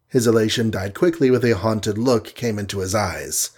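A man reading an adventure story aloud with dramatic storybook narration. His voice sits lowish and has a husky grain. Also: normal speed, hardly any pauses, darkish tone.

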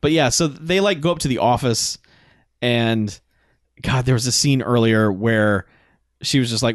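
A man's voice: medium pitch, normal speed, dry recording, clean studio sound. Laughing man recapping a film. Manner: animated, acts out quotes, laughs often. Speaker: podcast co-host. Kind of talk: casual film recap chat.

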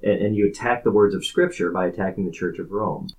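A man's voice: on the low side, fast talker, darkish tone, low-quality recording. A man, a pastor co-hosting a podcast, explaining scripture in casual discussion, emphatic and often repeating words as he goes.

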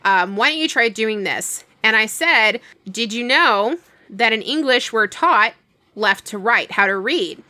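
Bright-voiced young woman telling a story. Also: fairly high pitch, measured pace, dry recording. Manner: animated retelling with quoted dialogue. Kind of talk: casual storytelling chat.

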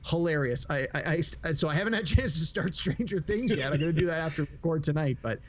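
The podcast host here is a middle-aged man whose voice is a little high and whose pace is quick. Chatting casually, he spins animated stories, acts out what people said, and laughs while speaking.

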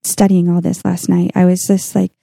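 A woman's voice: on the low side, completely flat delivery, normal speed, gravelly, dark tone, no echo, studio quality. A woman co-hosting a casual faith podcast, talking earnestly through Bible passages from her notes. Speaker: podcast co-host.

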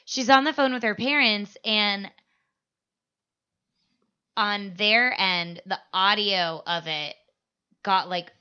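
A woman's voice: medium pitch, slow, long pauses, pushed and bright, clear, resonant tone, dull audio. A young adult woman from Arizona co-hosting a comedic podcast, telling crude stories with lots of laughter and acted-out quotes. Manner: crude, storytelling, laughs often, acts out quotes. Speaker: podcast co-host. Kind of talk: casual comedic chat.

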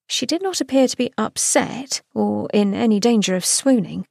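A woman's voice: on the high side, animated, moderate pace, vocal fry, hardly any pauses, a little mellow, no echo, clean studio sound. Woman reading a romance novel aloud. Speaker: podcast host reading a novel excerpt. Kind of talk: scripted narration.

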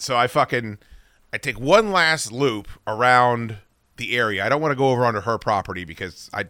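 A male podcast host telling a story in a casual, profane way, his pitch swinging widely as he acts out what he yelled. His voice is bright and forceful. Dry, close studio sound. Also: fairly quick, no echo. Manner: profane, animated, acts out his own shouting.

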